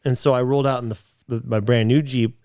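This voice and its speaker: A man's voice: medium pitch, steady tone, quick pace, darkish tone, clean tone, no echo, studio quality. A man in his late twenties co-hosting a podcast, telling a rambling story in casual chat, with lots of restarts. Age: late 20s. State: a bit out of breath. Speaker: podcast co-host.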